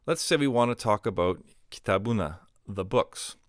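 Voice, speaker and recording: A man calmly teaching a recorded grammar lesson, explaining step by step with example phrases and a few ums and uhs. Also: fairly low pitch, normal speed, dry recording, studio quality. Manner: patient explaining with spoken examples, fillers like um and uh. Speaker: language teacher.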